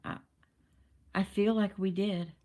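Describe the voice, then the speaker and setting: Woman reading a relieved man, hesitant and slow. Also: mid-range voice, fairly even intonation, darkish tone.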